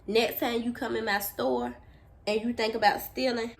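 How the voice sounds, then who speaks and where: Woman putting on an older store clerk, stern, slow, firm warning tone, storytime retelling. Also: fairly high pitch, steady tone, a little hiss or hum, pitched above the performer's own voice, lightly acted.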